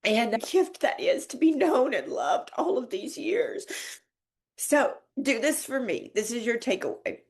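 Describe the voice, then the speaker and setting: Unhurried and sing-song, a woman with a high voice and darkish tone hosts a podcast and shares a personal story. She's heartfelt and teary, laughing and tearing up during the emotional monologue.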